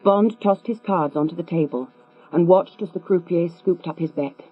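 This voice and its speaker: A woman narrating a thriller audiobook in a measured, composed read. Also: lowish voice, breathy edge, faint music behind. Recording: tinny, phone-like with mains hum.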